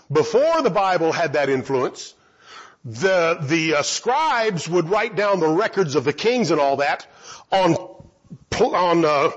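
A man's voice: sits high, husky, muffled recording. A man giving a Bible teaching talk, asking rhetorical questions and answering them himself.

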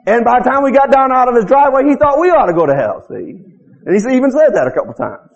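A man's voice: very high voice, sing-song, quick pace, vocal fry, dull audio. A man preaching a sermon as pastor in a folksy, repetitive way, often calling out to the congregation for an answer.

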